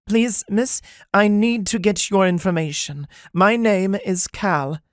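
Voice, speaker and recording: A man's voice: high-pitched, slow pace, dry recording, studio quality, pitched above the performer's own voice. A man voicing an eager, polite young woman helper in an audiobook.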